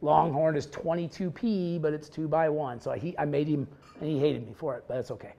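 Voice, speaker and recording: Gravelly, wry football coach presenting. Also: male voice, fairly high pitch, fairly even intonation, a little fast, warm tone. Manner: blunt, wry and joking, with occasional swearing. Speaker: high school football head coach presenting at a clinic. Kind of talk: casual clinic presentation. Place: presentation room with a live audience.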